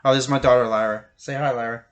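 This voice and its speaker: A man's voice: medium pitch, fairly even intonation, fast talker. A middle-aged man hosting his own vlog, telling a story in a casual, conversational way with lots of fillers and a few chuckles. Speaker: YouTube host.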